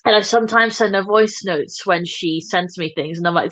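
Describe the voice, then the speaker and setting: A woman's voice: on the low side, brisk, hardly any pauses, fairly bright tone, dry recording, rough recording. A woman hosting a makeup livestream, chatting casually and teasing herself in playful banter as she works. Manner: playful, self-mocking banter. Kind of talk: casual chat while doing makeup live.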